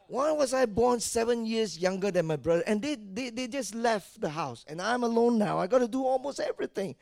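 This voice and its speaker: High-voiced preacher, rising to shouts. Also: male voice, expressive, brisk, gravelly, hardly any pauses, dry recording. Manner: builds from quiet talk to loud, shouted exhortation with repeated phrases; tells personal stories and addresses the congregation directly. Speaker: pastor. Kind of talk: sermon.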